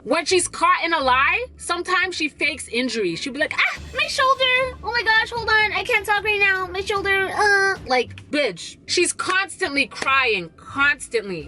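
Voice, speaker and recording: A woman with a bright, fairly high voice tells a storytime vlog. She sounds animated and exasperated and speaks bluntly, with frequent swearing. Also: poor audio. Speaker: storytime vlogger.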